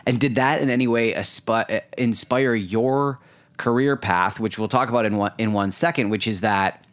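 A man with a somewhat low voice hosts an interview. He asks long, measured questions and builds each one up before reaching the point. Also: clear, resonant tone. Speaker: podcast interviewer.

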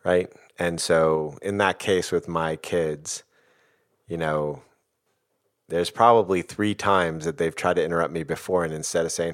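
A man's voice: low-pitched, fairly even intonation, a little slow. A middle-aged man talking thoughtfully about emotions in a casual, filler-heavy way. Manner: thoughtful, uses many fillers like "like" and "you know". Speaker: guest speaker on emotions. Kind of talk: reflective casual talk.

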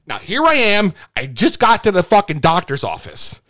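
A livestream host tells a long, casual story, swearing freely and frequently restarting sentences. His voice sits high with wildly swooping pitch and a sharp tone, moving at normal speed with few pauses.

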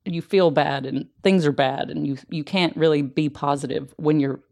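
A woman speaks softly and reflectively as she coaches a listener through their emotions. Her voice is gravelly and mellow, and it often sinks to a hushed near-whisper. The recording is dry and close. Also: low voice, fairly even intonation, moderate pace, no echo. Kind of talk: conversational teaching.

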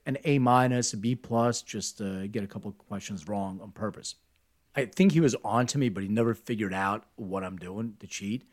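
A man's voice: mid-range voice, darkish tone. A middle-aged man telling candid, rambling stories from his school days in a casual chat, swearing freely.

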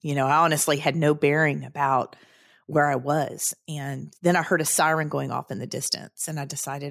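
Low-voiced woman telling her story. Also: normal speed, no room sound, clean studio sound. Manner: earnest, vivid recounting with quoted inner thoughts. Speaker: guest, credit union CEO. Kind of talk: personal storytelling in a podcast interview.

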